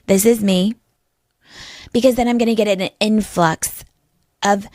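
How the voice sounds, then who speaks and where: A woman hosting her own podcast, delivering a cynical, deadpan monologue with biting sarcasm. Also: mid-range voice, slow pace, long pauses, no echo, studio quality. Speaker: podcast host.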